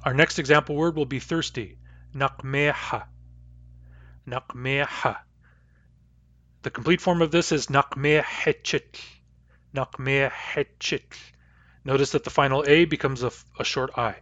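A man teaching a language lesson, saying each example word slowly and then saying it again. The recording is dull and a little muffled, and the room sounds dead dry. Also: mid-range voice, fairly even intonation, a bit bright, no room sound. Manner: slow, careful repetition of example words.

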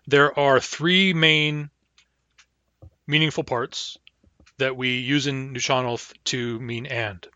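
A man giving a recorded language lecture, patiently repeating words slowly for learners. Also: medium pitch, steady tone, sharp tone, no room sound, lo-fi sound. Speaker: language teacher.

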